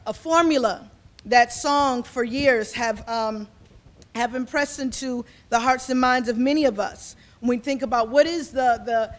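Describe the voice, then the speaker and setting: A woman in her forties, a community organizer, speaking to an audience in a fervent, rambling way and repeating herself as she builds. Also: high voice. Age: 40s. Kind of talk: impassioned speech to an audience.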